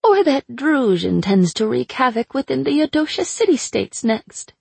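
A woman's voice: sits high, very animated, gravelly, darkish tone, slightly rough, dry recording, pitched above the performer's own voice, heavily acted. Woman voicing a taunting chained sorceress. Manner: slow, taunting, drawn-out. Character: mocking chained sorceress woman, cruel and sly. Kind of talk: audiobook character voice.

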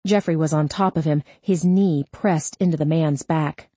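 A woman narrating a crime novel audiobook in a measured, unhurried delivery. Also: low-pitched, dark tone, breathy edge, dry recording.

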